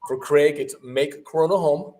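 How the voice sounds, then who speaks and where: A man's voice: fairly high pitch, normal speed, darkish tone, far from the mic. A man co-hosting a casual livestream, chatty and enthusiastic as he talks about food and plugs his business. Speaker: mortgage lender and co-host.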